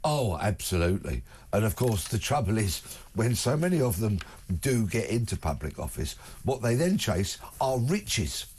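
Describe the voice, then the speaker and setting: A man's voice: lowish voice, big pitch swings, moderate pace, few pauses, a little mellow, a little hiss or hum. A man, a guest on a talk radio show, speaking emphatically and stringing together long spoken lists. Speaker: studio guest. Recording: broadcast studio.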